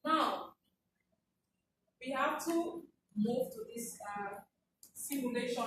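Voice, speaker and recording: A high-voiced woman runs a workshop, drawing answers from participants and often laughing as she coaxes them. She sounds far from the mic in a very echoey room. Steady background noise sits under her voice. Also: takes it slowly, long pauses. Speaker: workshop facilitator. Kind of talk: interactive teaching, questioning participants.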